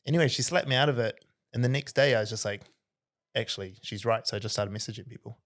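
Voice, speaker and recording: A man's voice: mid-range voice, fast talker. Guy hosting a podcast, super chatty, like every other word, medium voice. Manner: energetic, says "like" constantly. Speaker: podcast host. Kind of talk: casual conversational storytelling.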